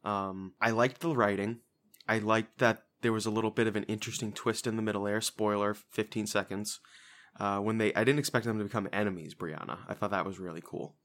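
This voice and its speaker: A man's voice: fairly low pitch, fairly even intonation, fairly quick, fairly bright tone. A young man co-hosting a casual movie review podcast, rambling with frequent restarts and fillers. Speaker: podcast co-host.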